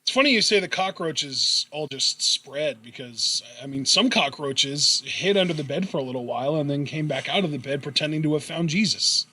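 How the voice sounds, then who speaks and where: A man's voice: a little high, moderate pace, few pauses, sharp tone. A man co-hosting a wrestling podcast, talking casually and playfully while saving his voice. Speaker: podcast co-host.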